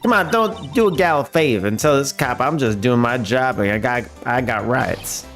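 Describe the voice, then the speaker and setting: A man's voice: medium pitch, big pitch swings, measured pace, soft background music. Man putting on a brash, pushy gal reporter. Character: pushy nosy young woman photographer.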